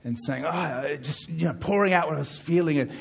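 Emphatic preacher, high-pitched man. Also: fast talker, creaky, slightly rough. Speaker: pastor. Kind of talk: sermon.

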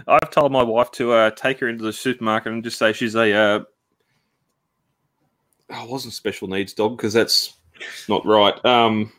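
A man's voice: fairly low pitch, steady tone, a little slow, long pauses, fairly bright tone. A man, a regular on a podcast, talking in an easygoing, laughing way. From Australia. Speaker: podcast co-host. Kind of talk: casual podcast chat. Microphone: video call.

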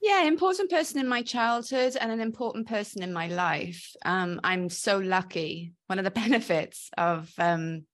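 With lively intonation and few pauses, a woman in her forties speaks at normal speed in a medium-pitched voice. Originally from South Wales, she has a mixed Welsh and Australian accent and reflects on her life as a casual interview guest, using plenty of ums.

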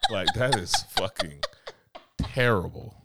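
A man's voice: sits low, expressive, takes it slowly, heavy background noise. A man co-hosting a casual podcast chat, joking around and swearing. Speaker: podcast co-host.

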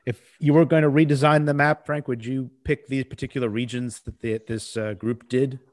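A man's voice: mid-range voice, fairly even intonation, normal speed. A man co-hosting a podcast, talking in a loose, conversational way with fillers and asides. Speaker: podcast co-host. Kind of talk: casual discussion.

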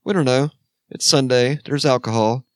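A man's voice: mid-range voice, normal speed, dry recording, clean studio sound. A middle-aged man co-hosting a podcast, joking and rambling with swearing over drinks. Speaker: podcast co-host. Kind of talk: casual chat over drinks.

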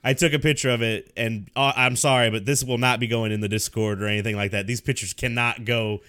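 A man's voice: mid-range voice, fairly even intonation, fairly quick, a bit bright, clean tone, dry recording, clean studio sound. A young man telling a story in casual chat, laughing often and swearing freely, talking into a desk mic on a call. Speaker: podcast co-host.

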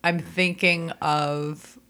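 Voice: medium pitch, flat delivery, drawn-out words, pushed and bright. A guest improviser chatting casually about comedy and agreeing often.

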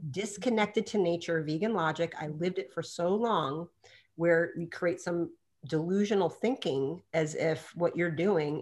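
A woman with a somewhat low voice tells a story in a relaxed interview. She acts out the quotes in lively bursts and laughs often as she talks. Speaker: doctor and podcast guest.

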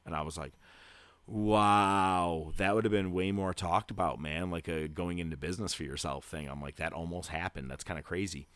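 A man with a very low voice talks in a loose, rambling way, heavy on fillers. He speaks close to the mic in a dry, dead room. He sounds like a podcast host chatting casually. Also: steady tone, moderate pace, no room sound. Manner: grows loud and hyped toward a segment tease. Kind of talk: casual chat.

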